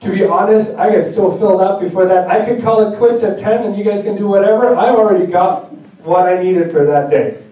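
A man's voice: high voice, a little fast, mellow, highs cut off. A man preaching a sermon as pastor. He speaks in a direct, conversational way and jokes about himself. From Germany. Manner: direct, conversational, self-joking. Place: church sanctuary. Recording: echoey church hall, mic far off.

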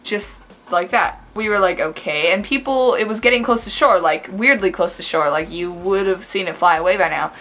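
A woman's voice: mid-range voice, moderate pace, fairly bright tone. A woman telling a story to her camera in a casual vlog, chatty and full of fillers. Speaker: vlogger.

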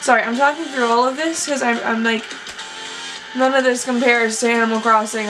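A woman's voice: a little high, steady tone, normal speed, over music. A woman reacting live to a video game showcase, gasping, squealing and talking over the trailers. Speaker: gaming YouTuber reacting to a showcase. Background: game trailer audio playing.

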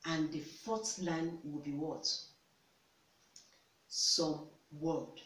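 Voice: mid-range voice, steady tone, very slow, a bit bright. A relationship advice vlogger giving instructive counsel, emphatic, repeating key words and posing rhetorical questions. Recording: echoey room, distant mic, faint hiss.

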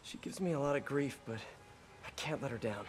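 An actor playing a quippy young male superhero, wisecracking in fights and earnest in quiet moments in a video game. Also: medium pitch, a little fast, background noise, close to an everyday voice.

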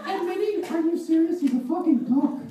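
A shrill cartoon mouse in an echoey room. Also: male voice, a little fast. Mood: outraged. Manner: shrill high falsetto, indignant. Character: squeaky cartoon mouse man, outraged and betrayed. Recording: echoey room, far mic, noisy.

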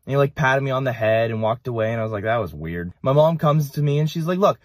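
A man's voice: mid-range voice, animated, fast talker, hardly any pauses, dry recording, studio quality. A man telling a wry personal storytime anecdote. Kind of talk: casual storytime.

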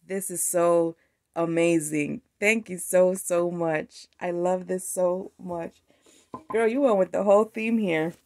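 A woman with a slightly low voice gushes over craft mail on her vlog. She is excitable and sometimes teary. Her voice drifts nearer to and farther from the camera mic. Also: takes it slowly, dry recording, studio quality. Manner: gushing, excitable, tearful at times. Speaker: craft vlogger. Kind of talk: casual unboxing chat.

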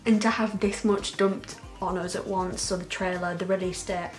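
A woman giving an excited, unscripted reaction to a trailer, gushing, laughing often and close to tears. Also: lowish voice, normal speed, soft background music. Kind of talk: casual, unscripted reaction commentary.

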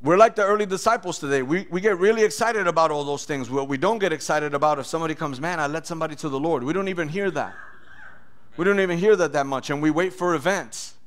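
Male pastor, animated preacher, slightly high voice, loud bursts when acting out voices. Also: fast talker. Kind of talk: sermon with testimony.

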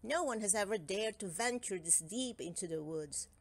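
A woman's voice: mid-range voice, lively intonation, normal speed. A woman reading aloud and voicing a teasing, mischievous male forest elf.

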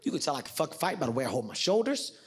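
A man doing animated stand-up storytelling with shouted bits. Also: a little high, rapid-fire. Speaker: stand-up comedian. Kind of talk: stand-up set. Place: theater stage with audience. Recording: stage mic with loud audience laughter.

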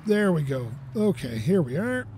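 A high, lively male voice delivers let's play commentary as host of a gaming channel. He moves at a moderate pace, talks to himself animatedly, and swears when frustrated, with a little hiss or hum in the background.

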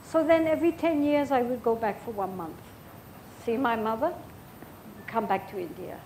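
An older woman gives a dharma talk as a Buddhist teacher. Her voice sits a little high, and she speaks gently and thoughtfully. She tells personal stories slowly and pauses often. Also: a little hiss or hum, low-quality recording. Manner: gentle, reflective storytelling with frequent pauses.

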